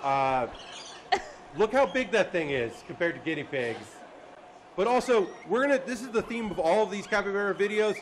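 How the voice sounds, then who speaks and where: A man hosting a live comedy panel on a convention stage, animated and laughing at his own jokes. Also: high voice, normal speed, a little hiss or hum. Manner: animated, laughing, self-deprecating. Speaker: host. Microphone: handheld or stand mic.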